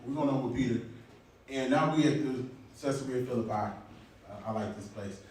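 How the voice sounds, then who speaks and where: A man preaching a sermon in a casual, halting, colloquial way, restarting words, recorded from far off in an echoey church hall. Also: mid-range voice, darkish tone, slight background noise. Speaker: elder preaching.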